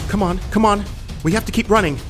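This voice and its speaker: A woman's voice: mid-range voice, quick pace, music in the background, lightly acted. A woman voicing a small, urgent boy mouse. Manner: shouted urgent commands. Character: small brave wild male mouse, urgent.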